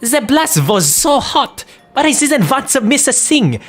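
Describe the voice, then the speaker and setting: A woman's voice: high voice, sing-song, unhurried, faint music behind. Woman doing a smug rich little noble boy. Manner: smug, childlike boasting. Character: rich young noble boy in disguise, boastful. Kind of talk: fan dub of a video game.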